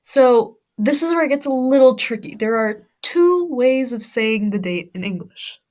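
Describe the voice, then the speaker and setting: A woman's voice: a little high, animated, a little slow, a little mellow. A woman with an American accent teaching an English-as-a-second-language lesson, explaining patiently step by step with worked examples. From United States. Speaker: ESL teacher.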